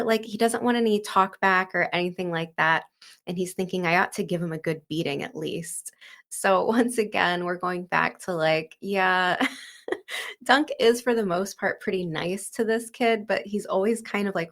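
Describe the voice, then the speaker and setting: Gravelly-voiced woman chatting about a book. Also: on the low side. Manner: chatty, many fillers like "like" and "kind of". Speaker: book discussion host. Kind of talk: casual book breakdown.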